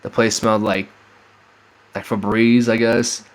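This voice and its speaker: Young male storyteller, low voice, casual and profane, mimics the people in his story. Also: flat delivery, a little slow, rough recording. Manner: rambling, profane, acts out the voices of people he met. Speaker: vlogger telling a travel story.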